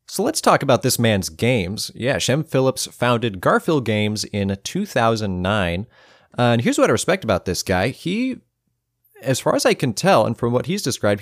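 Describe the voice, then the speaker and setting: A mid-range male voice belongs to a co-host of a laid-back board game podcast, who jokes and wanders off-topic, a laugh frequently creeping into his speech. His podcast mic captures him up close and dry, without echo.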